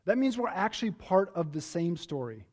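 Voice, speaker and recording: A male pastor delivers a sermon in a church, with a noticeably high-pitched voice. He tells his stories conversationally, often restarting his sentences as he goes. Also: sing-song, normal speed, a little mellow.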